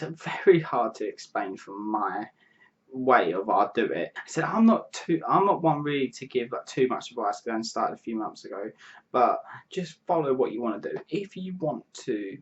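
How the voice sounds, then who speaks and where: A 22-year-old man, casually answering viewer questions to camera, rambling and restarting his sentences. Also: medium pitch. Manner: rambling, restarts sentences, frequent "you know what I mean". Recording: dull lo-fi mic.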